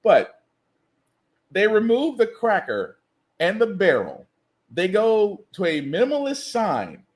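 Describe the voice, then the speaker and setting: A man hosts a satirical podcast with a high-pitched voice that leaps up and down in disbelief. He rants with comic asides and sounds incredulous as he talks. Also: huge pitch swings, takes it slowly, long pauses. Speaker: podcast host. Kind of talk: satirical news commentary monologue. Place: lives in the US South.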